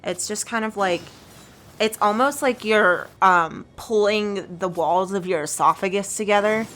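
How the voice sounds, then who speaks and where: A woman's voice: medium pitch, unhurried, fairly bright tone, soft background music. A woman co-hosting a let's play, chatting casually with jokes and frequent laughter. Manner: joking, self-deprecating, laughs often. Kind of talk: casual gaming chat.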